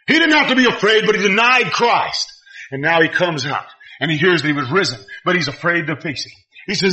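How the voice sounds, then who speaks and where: A man preaching a sermon with fervor, swinging between shouted appeals and quiet, low passages. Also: sing-song, quick pace, low-quality recording. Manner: fervent preaching, rising to shouts and dropping to quiet.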